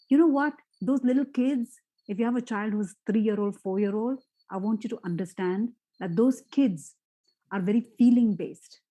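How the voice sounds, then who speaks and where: A woman's voice: medium pitch, normal speed, rough recording. A woman giving a parenting talk as a parent coach, asking the audience questions and acting out what parents and children say. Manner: animated, acts out parent and child quotes; asks the audience rhetorical questions.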